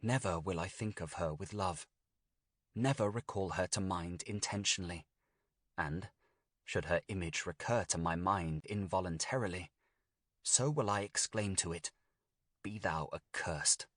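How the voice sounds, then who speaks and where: A man's voice: deep voice, unhurried, a bit bright, no echo, studio quality. A man voicing a tormented young nobleman in a storybook reading, swearing a bitter oath in a strained, solemn way.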